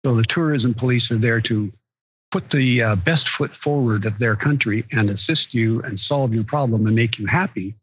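A man co-hosting a travel podcast, chatting casually in an even, storytelling way. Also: mid-range voice, moderate pace, husky, highs cut off. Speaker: podcast co-host. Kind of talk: casual panel chat.

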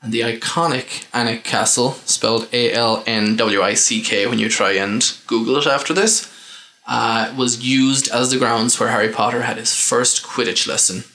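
A man's voice: mid-range voice, steady tone, moderate pace, pushed and bright, a little hiss or hum, poor audio. A man hosting a casual podcast, chatty and fond of long explanations. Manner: chatty, explains things at length. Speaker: podcast host.

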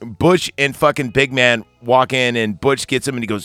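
A man's voice: mid-range voice, normal speed, dry recording, faint music behind. A man co-hosting a casual podcast, profanely retelling movie scenes with lots of energy. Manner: crude, animated retelling with impressions. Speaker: podcast co-host. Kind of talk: casual movie-discussion chat.

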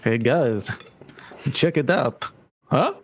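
A man's voice: medium pitch, lively intonation, slow pace, slight background noise. A man playing a tabletop game, speaking playfully in character. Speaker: player.

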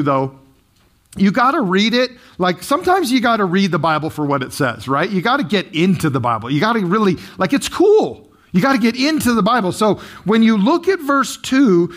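A man's voice: high-pitched, fairly bright tone. A male pastor preaching a sermon in a conversational, joking way, asking the congregation questions.

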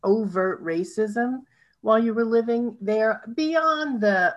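A woman's voice: on the high side, slow pace, muffled recording. A woman interviewing a guest, probing with follow-up questions.

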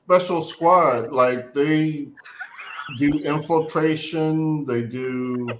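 A man's voice: a little high, very slow, noisy background. A man co-hosting a casual comic book chat, patiently explaining the story with fillers. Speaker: co-host. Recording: roomy echo.

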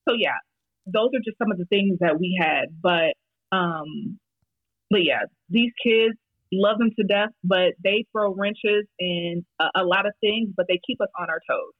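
A woman's voice: mid-range voice, unhurried, no echo. Woman guest on a tinny phone line. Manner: relaxed storytelling with fillers. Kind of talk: casual chat.

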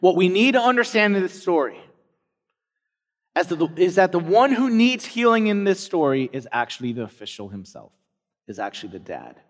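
Male pastor, conversational storyteller with emphatic repetition; high voice, big reverberant sanctuary. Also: big pitch swings, a little fast. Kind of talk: sermon. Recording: long hall reverb.

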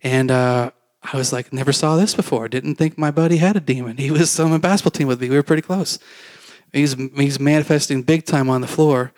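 A man's voice: medium pitch, steady tone, fairly quick, a little mellow, no echo. A man telling a personal faith story to a congregation in a candid, self-mocking way, acting out the dialogue as he goes. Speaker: preacher giving testimony.

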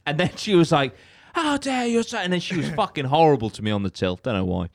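A young man telling a story on a podcast, animated and sweary, laughing often. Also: on the high side, quick pace, vocal fry, no echo, clean studio sound. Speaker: podcast co-host. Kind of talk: casual storytelling chat.

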